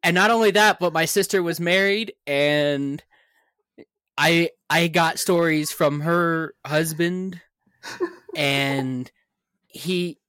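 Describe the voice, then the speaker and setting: A man's voice: on the high side, fairly even intonation, takes it slowly, sharp tone, smooth, no room sound. A man telling odd family anecdotes in a casual chat with friends, sometimes puzzled and defensive.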